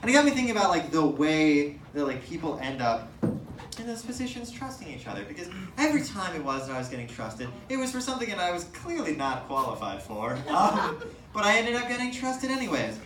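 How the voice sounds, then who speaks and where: A young man doing stand-up comedy on a stage, telling self-mocking stories in an animated, laughing way. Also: a little high, a little fast, noisy background. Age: young adult. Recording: echoey room from a distant mic.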